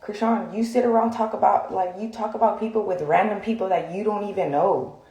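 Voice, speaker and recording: A woman's voice: mid-range voice, a little fast, dark tone. Blunt, profane woman venting in an echoey room. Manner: blunt, profane, rambling with many fillers. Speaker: social media vlogger. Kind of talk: heated direct-to-camera rant.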